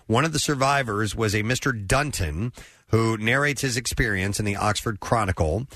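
A man's voice: lowish voice, moderate pace, sharp tone, dry recording, clean studio sound. A man hosting a casual podcast chat, reading an old news article aloud with hesitant fillers. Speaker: podcast host.

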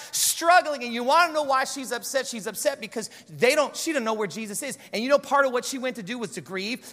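A man delivers a sermon in a casual, animated way, joking with the congregation between points. His voice sits very high and sounds bright. The large church hall adds a long reverb. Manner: animated, conversational preaching with humor. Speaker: pastor.

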